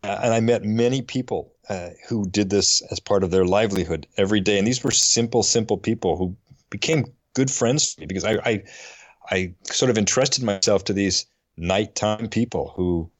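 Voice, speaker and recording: Earnest low-voiced man telling a story. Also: no echo. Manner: earnest, halting, with frequent restarts. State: choked up. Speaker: podcast co-host. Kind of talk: personal storytelling.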